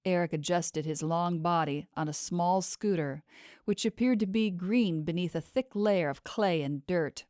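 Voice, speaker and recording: A woman narrating a fantasy audiobook in an even, measured storytelling manner. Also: on the low side, dry recording, studio quality. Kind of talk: scripted narration.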